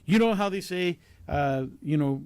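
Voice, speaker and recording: A man's voice: fairly high pitch, expressive, unhurried, a little mellow, clear, resonant tone, no room sound. A man hosting a talk show, asking earnest questions with many fillers and restarts. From Canada. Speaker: show host. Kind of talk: casual talk show discussion.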